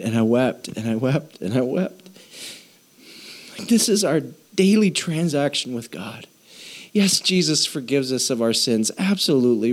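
A man's voice: medium pitch, darkish tone. Male pastor, earnest and conversational, mid-range voice, sermon prayed aloud. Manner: earnest, conversational, talks straight to God. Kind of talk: sermon acting out a spoken prayer.

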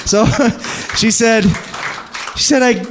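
A man's voice: very high voice, takes it slowly, a bit bright, a faint crowd, slight background noise. Man telling a church testimony, rambling, voices the people in the story. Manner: rambling, many restarts, acts out quoted voices. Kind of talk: animated storytelling in a church service.

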